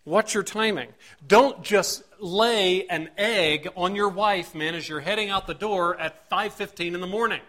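A man's voice: high-pitched, unhurried, a bit bright. Earnest man preaching with rising emphasis. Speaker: pastor. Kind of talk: sermon.

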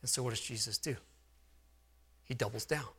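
A male pastor preaching a sermon, emphatic and repetitive, dropping to a hush for weight. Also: medium pitch, normal speed, breathy edge.

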